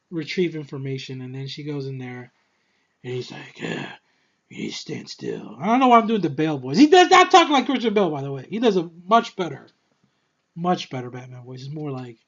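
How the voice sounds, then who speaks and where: A young man giving a rambling, excitable movie review, a little short of breath and swearing freely. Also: a little high, muffled recording. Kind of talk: casual movie review monologue.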